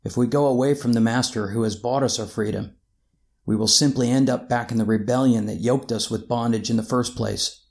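A man's voice: mid-range voice, fairly even intonation, fairly quick, gravelly, a little mellow. A man preaching a reflective sermon and asking his listeners rhetorical questions.

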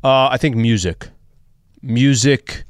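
A man's voice: mid-range voice, slow, dry recording. A man hosting a casual sports radio show, posing hypotheticals and joking about himself. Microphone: studio microphone with headphones.

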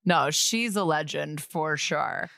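A woman co-hosting a casual interview podcast, enthusiastic and quick to exclaim. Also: deep voice, animated, vocal fry, fairly bright tone, no echo, clean studio sound. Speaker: podcast co-host.

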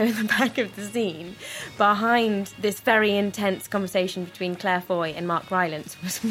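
Chatty, laughing actress guest. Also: female voice, medium pitch, a bit bright. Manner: chatty, self-deprecating, laughs often. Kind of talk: radio interview anecdote.

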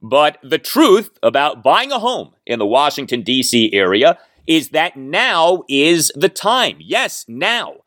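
A man's voice: fairly high pitch, big pitch swings, slow, a bit bright, dry recording, clean studio sound. A man hosting a sports podcast, giving wry, sarcastic commentary and reading ads. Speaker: podcast host.

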